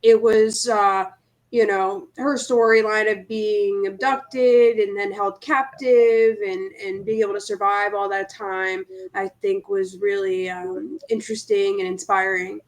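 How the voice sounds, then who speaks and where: A woman's voice: mid-range voice, flat delivery, unhurried. A woman co-hosting a casual movie review chat, thoughtful and a little hesitant. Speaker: co-host.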